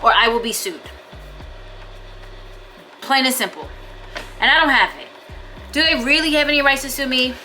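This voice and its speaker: Woman vlogger, bright voice, slightly high, frustrated venting, casual swearing, faint music behind. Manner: frustrated, swearing, repeats herself. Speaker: vlogger and small business owner. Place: out and about, then at home.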